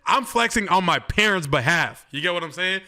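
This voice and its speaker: Brief: twenties male streamer, laid-back slangy chat, bright and punchy tone. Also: high voice, lively intonation, a little fast. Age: 20s. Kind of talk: casual live-stream reaction chat.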